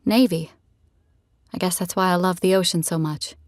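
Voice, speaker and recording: Audiobook: narrator doing fit, guarded heroine, clipped and a touch brighter, dry read. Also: female voice, lowish voice, fairly even intonation, normal speed, no room sound, lightly acted. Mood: bantering. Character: guarded young woman, fit and competitive. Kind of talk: audiobook character reading.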